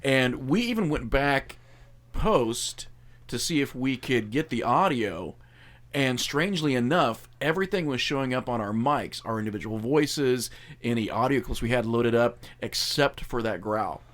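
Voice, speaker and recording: A man's voice: mid-range voice, expressive, normal speed, a bit bright. A man hosting a podcast, telling his own eerie studio story in a loose, rambling way. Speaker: podcast host. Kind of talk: casual chat.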